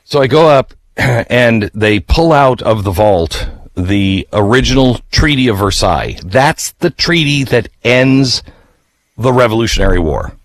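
A man hosting a radio talk show who tells a story casually, animated and emphatic, his voice jumping up in pitch. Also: a little slow.

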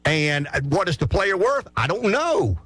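A middle-aged man hosts a sports talk show, his voice climbing and dropping all over the place as he pushes blunt opinions. He trips over his words and restarts a lot, and his voice sits slightly high with a dry, close sound. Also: measured pace, no echo. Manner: blunt, animated, stammering restarts. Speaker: radio talk show host.

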